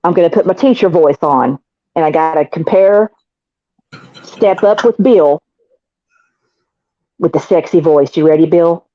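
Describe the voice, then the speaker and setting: A woman hosting a livestream, teasing and joking in loud casual banter. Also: sits low, a little slow, pauses often, no echo. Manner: loud, teasing, drawling jokes. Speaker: stream host. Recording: dull lo-fi stream audio.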